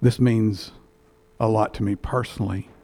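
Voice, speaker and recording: A man, a church elder telling a heartfelt story in a sermon, halting and restarting as he goes, on a headset mic. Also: fairly low pitch, fairly even intonation, mellow.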